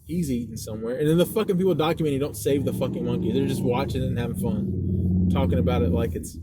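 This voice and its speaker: A young man chatting as podcast co-host inside a moving car, telling animated, profane stories. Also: mid-range voice, fast. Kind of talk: casual chat. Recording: loud car road noise.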